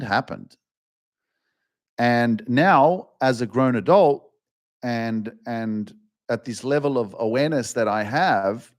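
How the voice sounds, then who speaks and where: This self-help podcast host swears freely through a no-nonsense motivational speech, his voice often lifting into a heated, higher rant. Overall his tone comes across as slightly mellow.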